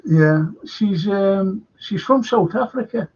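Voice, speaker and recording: A man's voice: high-pitched, animated, slow, darkish tone, husky. An older man hosting a casual live stream, chatting and reading viewer comments aloud. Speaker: show host. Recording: dull lo-fi stream audio.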